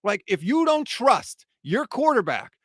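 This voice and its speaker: Male sports podcast host, high voice, heated post-game rant, dry close sound. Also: big pitch swings, a little slow, no echo. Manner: fired-up, heated ranting.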